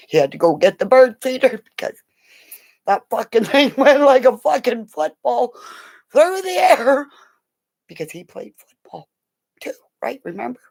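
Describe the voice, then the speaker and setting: Rambling gravelly-voiced woman. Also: on the high side, sing-song, a little slow, pauses often, a little mellow. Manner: rambling, swears freely, drops into whispers. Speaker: vlogger. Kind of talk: rambling casual monologue.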